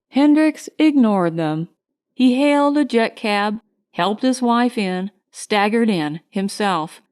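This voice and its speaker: A woman narrating a science fiction short story in a steady, measured storytelling manner. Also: medium pitch, smooth. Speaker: audiobook narrator. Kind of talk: scripted narration.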